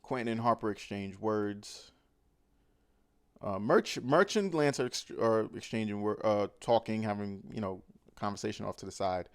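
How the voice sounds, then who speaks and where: A man recapping a film in casual, animated, slangy talk, full of fillers. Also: fairly low pitch, moderate pace, smooth, no room sound, studio quality. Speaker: movie recap host.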